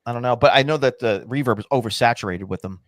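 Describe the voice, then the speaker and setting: An American man guesting on a podcast, talking in a halting way with repeated words. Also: mid-range voice, dry recording, clean studio sound. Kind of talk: casual live podcast chat.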